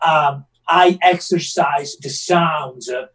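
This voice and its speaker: High-voiced man, a bit off-mic. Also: slow pace, a bit bright, distant mic, rough recording. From Italy. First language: Italian. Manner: earnest, methodical explainer. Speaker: actor guest. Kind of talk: casual interview chat.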